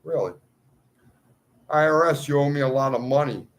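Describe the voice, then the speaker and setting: A self-styled cleric delivers a ranting monologue to his followers, agitated and pleading, swinging between outbursts and muttered asides. His voice is a little high at a moderate pace, and the audio quality is poor.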